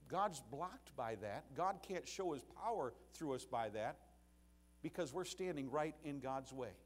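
A male pastor delivering a sermon in a church, his voice sitting on the higher side. He preaches with emphasis and animation, pressing each point home to the room.

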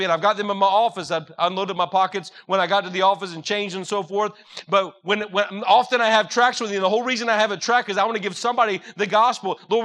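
A man's voice: sits high, sharp tone. A young man preaching a sermon in an earnest, direct way, telling personal stories to a congregation.

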